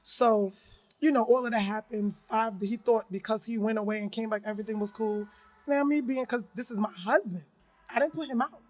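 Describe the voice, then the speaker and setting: A woman's voice: fairly high pitch, a little fast, a little mellow. A woman co-hosting a podcast, telling a personal story bluntly in casual chat and acting out the voices she quotes. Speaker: podcast co-host.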